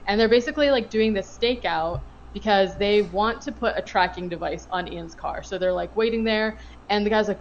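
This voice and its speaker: A woman's voice: medium pitch, moderate pace, few pauses, dull audio, a little hiss or hum. A woman co-hosting a podcast, rambling through a casual movie recap full of fillers. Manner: rambling, filler-heavy storytelling. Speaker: podcast co-host.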